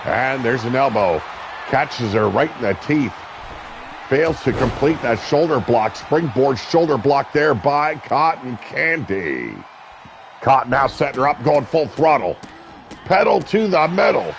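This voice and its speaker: A man calling a wrestling match as play-by-play commentator, brash and profane, shouting at the big moves. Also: medium pitch, sing-song, measured pace, vocal fry, noisy background.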